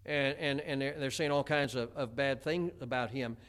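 A man's voice: mid-range voice, steady tone, moderate pace, a bit bright. Guy preaching, folksy sermon, stammers and restarts a lot, mid-range voice. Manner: homespun, chatty, many restarts and stammers.

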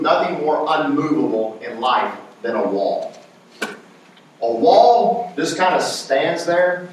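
A male pastor from North Carolina with a Southern accent, preaching an emphatic sermon and calling for amens. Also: fairly high pitch. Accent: Southern American. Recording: echoey room, mic from a distance.

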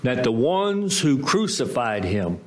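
A man preaching a sermon as pastor, emphatic, with dramatic swings in pitch. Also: very animated, slow pace.

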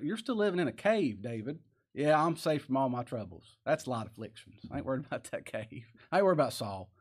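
Animated preaching man, lively pitch. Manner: animated preaching, reading scripture aloud with rising emphasis. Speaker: pastor. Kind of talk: sermon.

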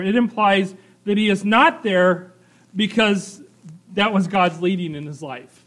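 A man's voice: high-pitched, unhurried, a bit bright. A middle-aged male pastor preaching a sermon in a conversational way, reading scripture and often adding "right?" and "you know" as asides.

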